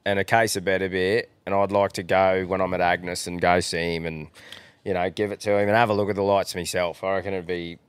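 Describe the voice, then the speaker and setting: A man's voice: low-pitched, little pitch movement, a little fast, smooth, dry recording. A young Australian man co-hosting a casual podcast, laid-back and encouraging, swearing freely. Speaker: podcast co-host.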